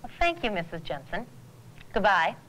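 A woman's voice: mid-range voice, very animated, moderate pace, close to an everyday voice. A woman playing a polite bank clerk. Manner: polite, service-minded phone manner. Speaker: bank employee answering customers. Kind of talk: 1980s educational film acting. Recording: faint hiss on an old tape transfer.

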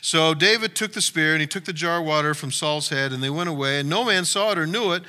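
A man's voice: a little high, quick pace, pushed and bright. A male pastor giving a sermon in a conversational way, retelling a story with asides to the congregation. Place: church.

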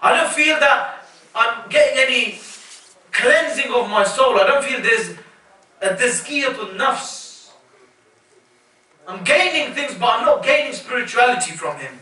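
A male preacher delivers a sermon with a very high, bright, sharp voice. He speaks emphatically and keeps asking his listeners rhetorical questions. The recording picks him up from a distance in a strongly echoing hall. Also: lively intonation, measured pace, pauses often. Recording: echoey hall, voice from far off.

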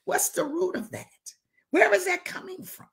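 A woman's voice: extremely high pitch, moderate pace, creaky. A woman bishop preaching a fervent sermon, firing rhetorical questions and calling out to listeners, sometimes dropping to a whisper.

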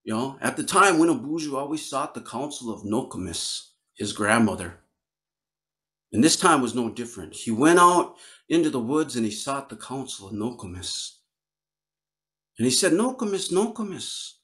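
A man from Northern Wisconsin telling a traditional story in a relaxed, conversational way. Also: medium pitch, normal speed. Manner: relaxed, conversational, many fillers. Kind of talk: oral storytelling.

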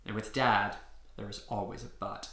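A man voicing a proud father speaking gravely over a speakerphone. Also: lowish voice, flat delivery, a bit bright, echoey room, pitched below the performer's own voice. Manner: grave, measured.

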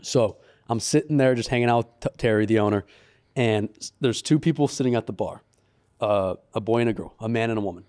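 A man with a mellow, relaxed voice tells a story in a casual podcast studio chat. He shifts into a raised, lively voice when he quotes the people in it. He sounds like a co-host among friends. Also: fairly low pitch, fairly quick.

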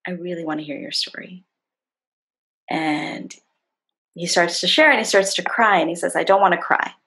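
A middle-aged woman with a lowish voice, husky and a little gravelly, tells a story over a video call. She slips into the voices of the people in her story as she goes. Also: normal speed, low-quality recording. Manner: warm, animated retelling with acted-out quotes. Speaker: facilitator and guest. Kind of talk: storytelling in a conversation.

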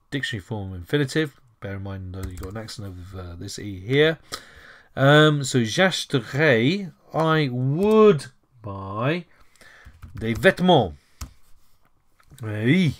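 A man teaching French in a casual lesson, chatty and self-correcting, who calls his viewers ladies and gents. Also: medium pitch. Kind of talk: casual lesson while writing on a board.

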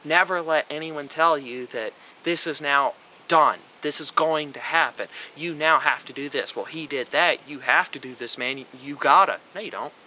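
A man's voice: a little high, normal speed, bright, forceful tone, a little hiss or hum, rough recording. A young man delivering an emphatic, lecturing monologue on a vlog, swearing freely as he argues his point. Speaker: vlogger. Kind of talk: opinionated monologue.

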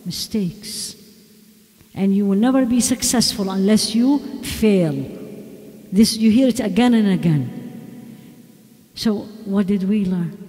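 A woman's voice: mid-range voice, warm tone. A woman giving a religious lecture to a women's audience, emphatic and repeating rhetorical questions to her listeners. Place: large mosque hall. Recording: long hall reverb.

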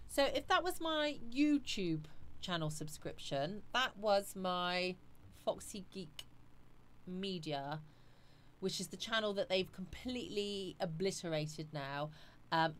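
A woman's voice: medium pitch, a little hiss or hum. A woman hosting a live stream, chatting casually and reading viewer comments aloud.

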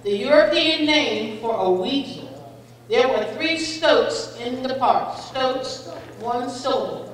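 A woman's voice: high-pitched, lively intonation, slow. A woman running a spelling bee, patiently reading out each word with its definition and an example sentence, and encouraging each speller as a friend. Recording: echoey hall, voice far from the mic.

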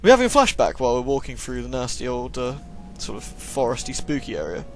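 A man with a sore throat provides jokey, sarcastic commentary while playing a horror game as a let's play host. His medium-pitched voice swoops wildly and he talks fast, with faint music in the background.

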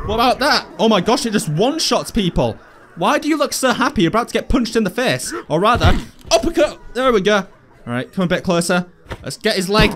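Excitable high-voiced man commentating gameplay. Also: fairly quick. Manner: excitable, playful, chatty with enemies. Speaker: gaming video host.

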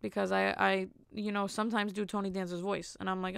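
A young woman with a creaky yet clear, resonant mid-range voice talks a little fast in a studio-quality recording with no echo. In her casual solo podcast, she bluntly shares a dating story and performs the quotes with animation.

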